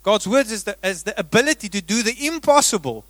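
A man preaching a sermon as a pastor. He swings between loud, emphatic bursts and hushed, drawn-out words. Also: high voice, sing-song, no echo.

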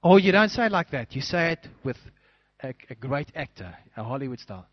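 Animated preaching man, dry and dull. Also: mid-range voice, fairly quick, no room sound. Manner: animated preaching, acting out little scenes. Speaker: pastor. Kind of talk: sermon.

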